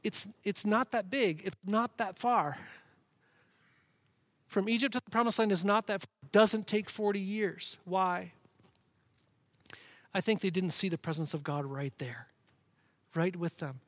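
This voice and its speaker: A man preaching a sermon with passion, rhythmic and repetitive, swinging between hushed whispers and loud emphatic lines. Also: high-pitched, a little slow, pauses often, dry recording. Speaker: pastor.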